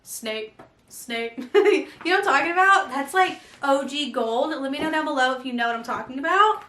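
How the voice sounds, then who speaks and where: Excitable woman vlogger, high voice, chatty and filler-heavy, echoey room. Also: fairly quick, a little hiss or hum. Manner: gushing, excitable, many fillers. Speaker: vlogger unboxing an advent calendar. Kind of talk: casual unboxing chat.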